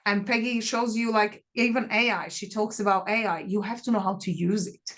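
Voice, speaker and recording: A woman guest author talks casually about selling books. She speaks in short, simple phrases at a middle pitch. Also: fairly even intonation, brisk, fairly bright tone. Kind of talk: casual chat.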